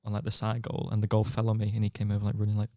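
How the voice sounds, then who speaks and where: A man's voice: on the low side, monotone, racing, warm tone, no echo, studio quality. A man, a podcast co-host telling long funny anecdotes in casual chat, swearing freely. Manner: storytelling anecdotes with swearing and laughs.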